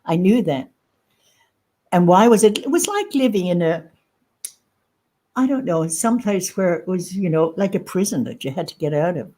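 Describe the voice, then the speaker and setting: Woman guest, lowish voice, halting emotional testimony. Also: lively intonation, mellow. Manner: halting, emotional, repeats phrases. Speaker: guest sharing lived experience. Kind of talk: personal testimony in conversation.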